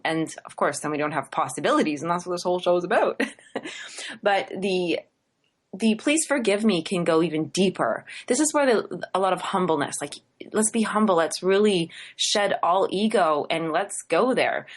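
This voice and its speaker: A woman's voice: medium pitch, animated. Effusive woman co-hosting talk radio. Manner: earnest and effusive, laughs often, slows down to recite prayer phrases. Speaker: radio show co-host. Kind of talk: casual talk-radio teaching.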